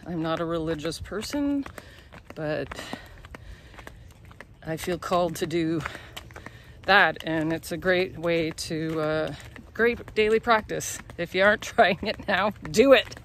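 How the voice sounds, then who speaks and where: A woman's voice: on the low side, slow pace, pauses often. Woman tour guide, casual vlog, candid and profane, laughs a lot, faint noise and clicks behind. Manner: candid, laughing, swears freely. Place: outdoors on a hillside lookout.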